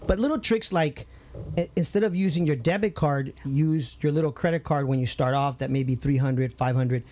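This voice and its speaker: A man hosting a community talk show, chatting casually and telling lively stories. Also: fairly high pitch, normal speed. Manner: lively storyteller, upbeat. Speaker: show host. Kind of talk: casual interview chat.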